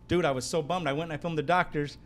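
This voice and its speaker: A man's voice: fairly high pitch, very fast. A man who owns a donut shop, a guest telling rambling celebrity stories full of fillers and "dude". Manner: animated, rambling, many fillers, says "dude". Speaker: donut shop owner and chef, podcast guest. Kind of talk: casual storytelling chat.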